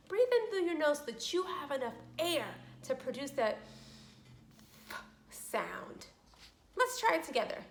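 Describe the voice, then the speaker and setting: A woman giving a children's speech lesson as a speech therapist, talking slowly with exaggerated, encouraging teacher delivery. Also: sits high, fairly bright tone, roomy sound.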